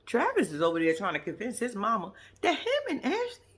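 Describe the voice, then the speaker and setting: A woman's voice: a little fast, husky. A woman giving blunt, sassy, profane running commentary as a recap vlog host. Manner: lively, swoops high for asides.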